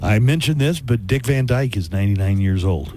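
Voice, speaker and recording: Chatty lower-voiced male radio host. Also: animated, brisk, darkish tone. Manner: chatty, jokey, rambling asides. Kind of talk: casual on-air chat. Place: radio studio. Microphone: studio microphone.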